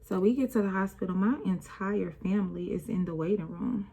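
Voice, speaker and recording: A woman's voice: mid-range voice, fairly quick, gravelly, warm tone. A young woman talking through an emotional personal story while doing her makeup, with a casual, rambling, conversational delivery and speech. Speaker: vlogger.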